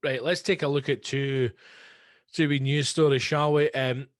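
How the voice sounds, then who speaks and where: A Scottish man hosting a casual solo podcast, ranting with lots of swearing in an excitable monologue. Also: mid-range voice, measured pace. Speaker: podcast host. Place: home recording space.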